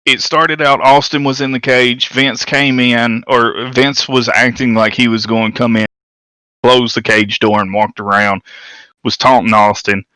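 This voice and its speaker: A man's voice: medium pitch, little pitch movement, measured pace, bright, forceful tone, clean tone, no echo, low-quality recording. A man co-hosting a podcast, casually correcting details and filling in background, with many restarts. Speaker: podcast co-host. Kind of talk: casual chat about wrestling history.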